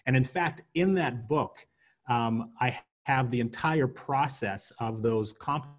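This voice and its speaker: A man's voice: mid-range voice, measured pace. Earnest man from Jamaica, hesitant ums. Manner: earnest, frequent ums and restarts. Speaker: guest, hospitality sales consultant. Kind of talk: interview answer, promoting his group.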